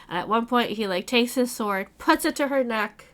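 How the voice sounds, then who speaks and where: A woman hosting a casual book club chat, recapping the plot in animated retellings full of quoted lines and swearing. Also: fairly high pitch, moderate pace.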